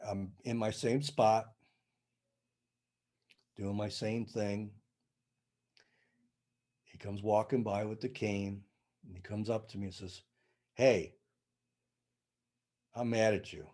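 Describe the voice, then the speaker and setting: An older man with a mellow, warm tone, chatting casually as a podcast guest. He tells his story in a lively way, acting out each side of the conversation. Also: lowish voice, takes it slowly, long pauses. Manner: animated storyteller, acts out dialogue. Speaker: sound healing practitioner, podcast guest.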